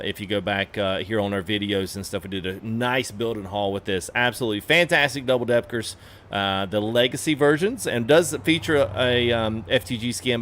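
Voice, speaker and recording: Chatty streamer full of fillers. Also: male voice, on the low side, slight background noise. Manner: rambling with many fillers, greets chat excitedly. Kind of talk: casual live-stream commentary.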